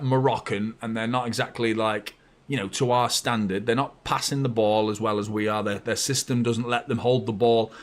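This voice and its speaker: A man hosting a live match watchalong, chatty and blunt, bursting into excited shouts when his team scores. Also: medium pitch. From north of England. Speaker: fan channel host.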